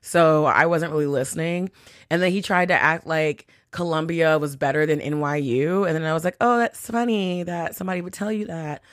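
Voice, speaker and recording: Speaking at a moderate pace in a low voice, a woman hosting a podcast in New York City tells a casual, chatty story. She's profane, says "like" constantly among other fillers, and acts out quotes, recorded in clean studio sound with no room noise.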